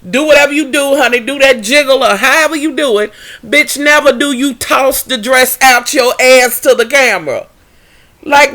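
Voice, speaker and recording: A woman's voice: sits high, pushed and bright. A young woman recapping a reality TV episode in a sassy, profane, gossipy way. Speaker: TV recap vlogger.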